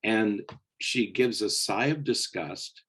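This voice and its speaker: A man with a low, husky voice talks through parenting advice on a podcast. He explains things patiently and keeps checking in with "okay?" in a calm, conversational way. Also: takes it slowly. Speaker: psychologist podcast co-host.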